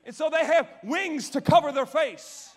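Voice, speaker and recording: A male pastor preaching a sermon on stage, full of energy, asking the audience questions and swinging from loud declarations to quiet asides. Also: very high voice, moderate pace. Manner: asks the audience questions and answers them. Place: church stage.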